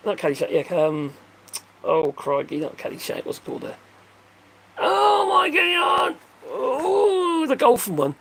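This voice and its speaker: An older man with a fairly high, creaky voice hosts a livestream, reading the chat. He rambles and jokes casually as he answers viewer comments, recorded on a phone.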